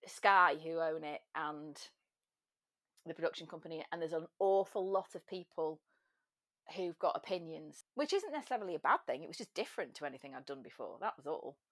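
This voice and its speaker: A woman's voice: fairly low pitch, lively intonation, normal speed, a bit bright, no echo. An English woman chatting animatedly as a podcast guest, telling stories and slipping into little voices. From England. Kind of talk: casual chat.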